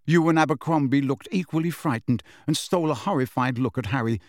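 A man reading a story aloud as an audiobook narrator, steady and measured. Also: medium pitch, no echo, studio quality.

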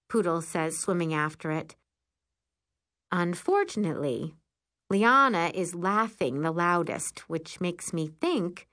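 A woman narrating a first-person storybook in an expressive, lively way. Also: lowish voice, measured pace.

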